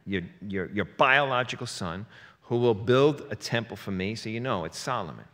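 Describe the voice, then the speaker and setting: Bright-voiced male preacher in a reverberant hall. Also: lowish voice, expressive, moderate pace. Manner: conversational, joking asides and playful rhymes. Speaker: pastor. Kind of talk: sermon.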